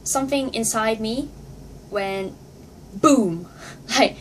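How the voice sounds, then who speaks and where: A woman vlogger telling a story to camera in a casual, excitable way, acting out her reactions and laughing often. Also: mid-range voice, normal speed, slight background noise.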